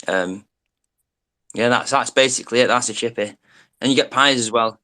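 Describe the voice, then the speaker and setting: A man's voice: medium pitch, normal speed, bright, forceful tone. A man from the United Kingdom with a British accent, rambling through casual explanations in an online group chat, with many restarts. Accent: British English.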